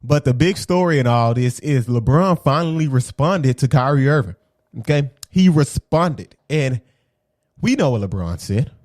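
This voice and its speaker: A man giving a casual, animated basketball opinion rant for his video channel. He repeats his points, drops slang and keeps asking "okay?". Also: mid-range voice, moderate pace, dry recording, clean studio sound. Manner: slangy and conversational. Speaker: sports commentary vlogger.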